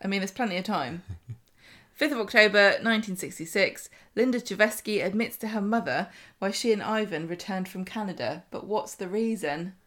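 A woman's voice: mid-range voice, expressive, moderate pace, fairly bright tone. A woman co-hosting a podcast, reading quiz questions in casual chat and giggling often. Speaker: podcast co-host, quizmaster.

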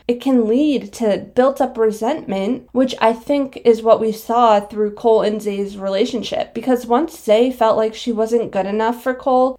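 A woman's voice: fairly high pitch, darkish tone. A young woman vlogger talking in a casual, reflective way and explaining things step by step, audibly out of breath. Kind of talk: casual commentary.

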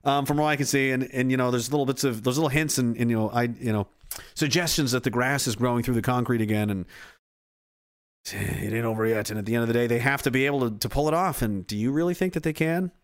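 A man's voice: mid-range voice, fast. A man giving a casual, rambling monologue, swearing freely and often restarting his sentences. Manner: profane, rambling, self-interrupting.

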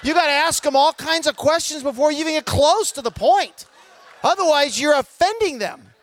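Middle-aged male preacher, very high voice, dry close sound, chatty storyteller. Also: moderate pace, dry recording. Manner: conversational and animated, acts out the people in his stories. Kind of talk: sermon with personal storytelling.

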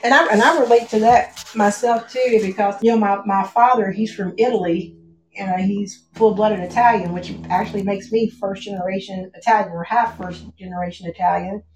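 A woman's voice: medium pitch, fairly even intonation, moderate pace, darkish tone, slight background noise. A woman from the United States talking about her background as a guest, reflective and full of "you know" and "like" fillers. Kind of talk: casual conversation. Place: at home with a cat. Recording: roomy echo.

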